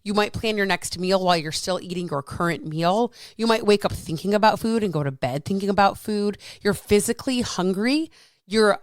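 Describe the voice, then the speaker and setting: A woman in her thirties or forties, a fitness coach talking casually and frankly, animated and swearing freely. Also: medium pitch, no echo. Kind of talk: casual solo talk.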